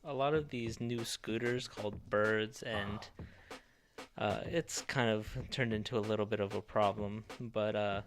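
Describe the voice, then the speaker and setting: Low-voiced man with wry asides. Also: fairly even intonation, a little slow, faint music behind. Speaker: podcast co-host. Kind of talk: casual chat.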